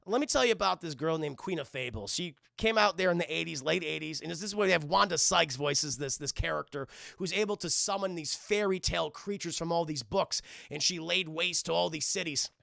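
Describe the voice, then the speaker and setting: Jaded cartoon plant villainess, world-weary and blunt, gravelly high voice, as a man puts her on. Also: brisk, hardly any pauses, sharp tone, no room sound, studio quality, heavily acted.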